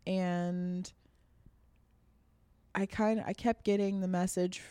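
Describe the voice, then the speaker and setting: A woman's voice: on the low side, fairly even intonation, slow, dark tone, smooth, no echo. A young woman chatting casually, telling a rambling personal story with laughs and fillers. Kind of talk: casual chat.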